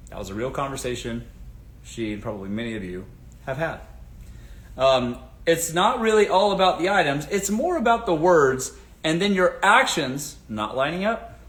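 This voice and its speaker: A man's voice: fairly high pitch, animated, moderate pace, fairly bright tone. A man hosting a casual advice livestream, speaking emphatically and repeating his catchphrases. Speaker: show host. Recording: roomy echo.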